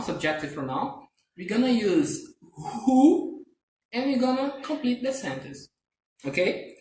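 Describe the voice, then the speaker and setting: Slow, patient man teaching. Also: high voice. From Brazil. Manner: patient, repetitive, checks understanding with "okay?". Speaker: English teacher. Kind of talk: live online grammar lesson. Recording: roomy, distant from the mic, faint hiss.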